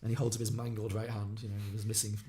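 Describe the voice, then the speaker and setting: A man on a podcast, retelling a film plot quickly and acting out the characters' lines. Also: lowish voice, level tone, mellow, a little hiss or hum. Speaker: podcast co-host. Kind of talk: casual film podcast recap.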